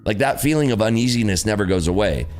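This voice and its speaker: A man with a low voice hosts a day-trading livestream, swearing and laughing as he talks straight to his viewers. His pitch swings widely as he leans into stories, and faint music plays behind him. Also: fast talker. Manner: blunt, profane, laughing, animated. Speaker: livestream host, day trader. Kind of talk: casual livestream chat.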